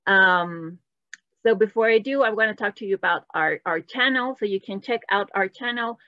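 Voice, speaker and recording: A woman's voice: medium pitch, normal speed, sharp tone, no room sound. Woman teacher leading a live web class, bilingual, sound slightly dull and dry. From Latin America. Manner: switches between English and Spanish, quizzing the chat. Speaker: Spanish teacher. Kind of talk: live online language class.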